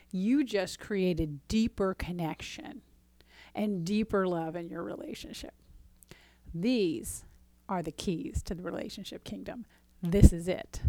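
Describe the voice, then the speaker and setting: A woman's voice: mid-range voice, no room sound. A woman giving a casual teaching talk as a relationship coach, chatty and often checking in with "right?". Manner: conversational, often asks "right?"; acts out dialogue in quotes.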